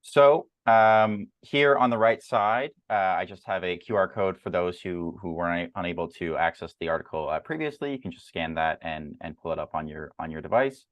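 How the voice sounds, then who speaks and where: A man hosts an academic journal club over a video call and walks through slides in a measured, filler-laden way. His voice sits very low. The sound is dry and close. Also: dry recording, dull audio. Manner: measured, with frequent fillers and repeated words.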